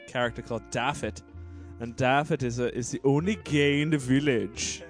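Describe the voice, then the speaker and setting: A man co-hosting a casual comedy podcast, rambling through stories, getting loud and cursing. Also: mid-range voice, normal speed, soft background music. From United States. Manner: animated, swears, rambling storyteller. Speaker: podcast co-host.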